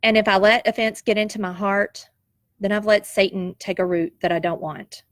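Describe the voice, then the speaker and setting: A woman's voice: medium pitch, flat delivery, normal speed, no room sound, studio quality. A woman, telling a personal story in an emotional, heartfelt and reflective way, tearful at times. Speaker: nurse sharing a personal story.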